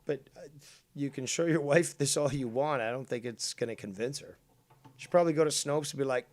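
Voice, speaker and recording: A man co-hosting a casual chat, sarcastic and mocking, throwing out loud jabs. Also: mid-range voice, brisk.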